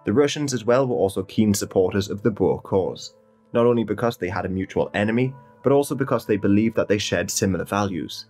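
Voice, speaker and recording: A man giving a steady, measured scripted narration of a history documentary. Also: on the low side, faint music behind.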